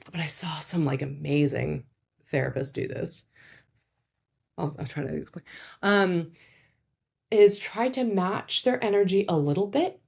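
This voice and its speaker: Speaking in a strikingly low voice, a woman gives advice in the manner of a laid-back psychologist. It's a casual, educational chat full of fillers and small asides, and when she quotes someone her pitch suddenly leaps.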